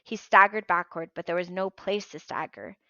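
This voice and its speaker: A woman reading a novel aloud with a bright, clear tone and lively storytelling. The recording is dry and close, with a slightly dull, muffled top end. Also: lowish voice, normal speed, no echo. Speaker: audiobook reader.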